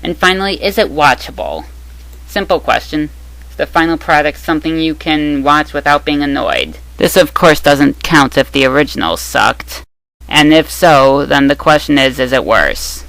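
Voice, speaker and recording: Gravelly-voiced young opinionated reviewer. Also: medium pitch, normal speed, fairly bright tone, no echo, rough recording. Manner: opinionated, with sarcastic asides. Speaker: anime dub reviewer. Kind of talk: scripted opinion commentary.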